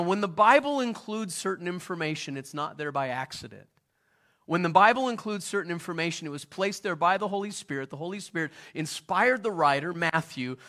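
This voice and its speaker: A middle-aged pastor delivering a sermon with a bright, forceful voice pitched a little high. He talks in a conversational way and keeps turning to the congregation with questions like he's chatting with them.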